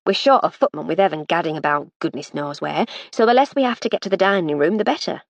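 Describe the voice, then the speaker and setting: A woman's voice: fairly low pitch, animated, quick pace, creaky, no room sound. A woman voicing a motherly, bustling older cook who talks in folksy, ungrammatical working-class speech in an audiobook. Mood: fussing.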